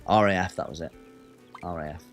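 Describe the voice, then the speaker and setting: A man's voice: deep voice, steady tone, brisk, soft background music. A man, chatting casually and swearing as he streams a racing game. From Northwest England. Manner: chatty, banters with chat, swears. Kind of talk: casual gaming stream chat.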